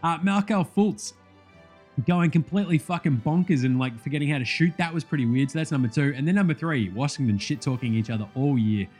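Australian man, fairly high voice, blunt and sweary sports banter over faint music. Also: fast, darkish tone, husky. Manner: profane, blunt, jokey banter. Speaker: sports vlogger. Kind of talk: casual sports commentary rant.

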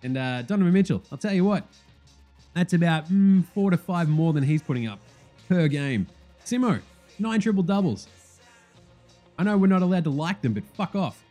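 Animated, sweary host, lively pitch, light music bed. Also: male voice. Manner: animated, profane, fast rambling. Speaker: podcast host. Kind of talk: casual sports chat.

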